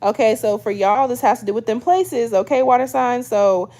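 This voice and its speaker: A woman's voice: fairly high pitch, moderate pace, a little mellow. A woman in her twenties doing a casual tarot reading to camera, chatty and loose, tacking a questioning "okay?" onto almost every thought as she mixes read-aloud guidebook passages with slangy asides. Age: 20s. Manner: chatty, checks in with "okay?" constantly. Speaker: tarot reader.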